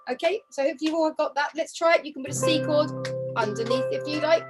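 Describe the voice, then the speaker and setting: A woman's voice: high-pitched, fast talker, over loud music, poor audio. A woman teaching a harp group over a video call, counting beats aloud and humming the tunes. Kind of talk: online group music lesson. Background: harp playing.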